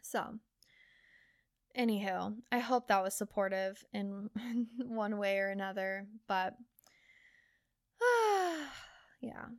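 A woman's voice: medium pitch, animated, takes it slowly, long pauses, no echo, studio quality. A young woman hosting her own podcast, talking casually and earnestly with lots of "like" fillers and the odd swear. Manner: chatty, earnest, filler-heavy with frequent "like" and swearing. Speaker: podcast host. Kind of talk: casual solo podcast talk.

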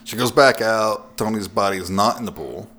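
Guy with a lowish voice chatting thru a movie plot, laughs a bunch. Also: moderate pace. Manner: laughs often, recaps plot in a relaxed way. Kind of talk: casual film discussion.

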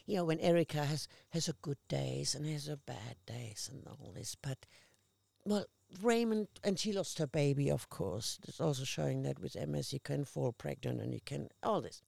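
A woman, a guest actress, telling lively anecdotes in casual conversation and acting out the people she quotes. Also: sits low, moderate pace, gravelly, no room sound. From Australia. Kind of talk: casual chat.

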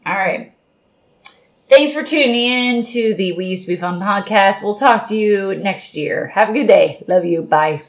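A woman's voice: mid-range voice, unhurried, slight background noise. A woman in her thirties hosting a podcast in casual, playful chat, laughing often. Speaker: podcast host.

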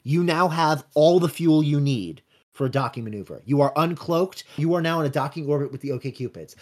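Guy running a tabletop game, slightly high voice, brisk matter-of-fact narration. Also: animated. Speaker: game master.

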